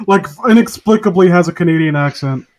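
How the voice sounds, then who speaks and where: A man's voice: sits high, a little fast, darkish tone. A man co-hosting a podcast, rambling and swearing through casual comedic chat. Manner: rambling, swearing, laughing often. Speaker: podcast co-host.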